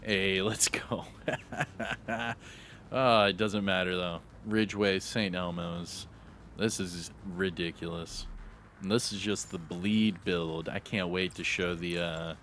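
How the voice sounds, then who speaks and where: A man's voice: low voice, fairly bright tone, a little hiss or hum. A man giving live, hyped, slangy commentary over his own gameplay, talking to himself as he plays. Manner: hyped, slangy, talks to himself while playing. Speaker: gaming YouTuber.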